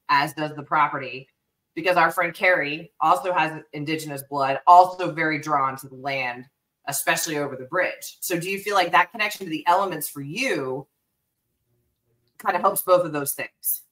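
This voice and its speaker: A woman's voice: deep voice, normal speed, bright, forceful tone, recorded from a distance, rough recording. A woman co-hosting a chat show, asking long rambling questions in a chatty way. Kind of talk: casual chat.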